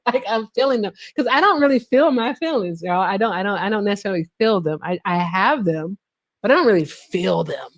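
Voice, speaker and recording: A woman's voice: mid-range voice, fairly quick. A woman livestream host telling a story in casual chat, swearing often and laughing as she talks. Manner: profane, laughing, animated storyteller.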